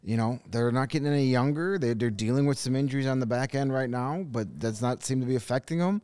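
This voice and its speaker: A man's voice: medium pitch, fast talker, warm tone, smooth, no room sound. A man co-hosting a casual sports podcast, talking through teams with frequent restarts and fillers. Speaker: podcast co-host.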